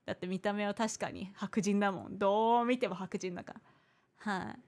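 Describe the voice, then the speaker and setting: A woman's voice: medium pitch, fairly even intonation, fast, darkish tone. A woman from Hawaii, a VTuber streamer, chatting casually with viewers and answering their comments, switching between English and Japanese mid-sentence and patiently repeating her points. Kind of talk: casual livestream chat, reading viewer comments.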